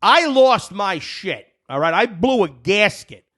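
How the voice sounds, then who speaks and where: High bright-voiced jersey guy, loud and worked up, telling a story on a podcast, pitch all over the place. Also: unhurried. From New Jersey. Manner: loud, animated storytelling with bursts of shouting. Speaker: podcast co-host. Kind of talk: casual chat, storytelling.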